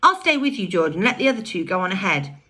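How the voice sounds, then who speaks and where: A woman's voice: medium pitch, sing-song, fast, bright, forceful tone, breathy edge, full character voice. A woman reading aloud and voicing an eager, loyal young boy who sounds earnest and worried.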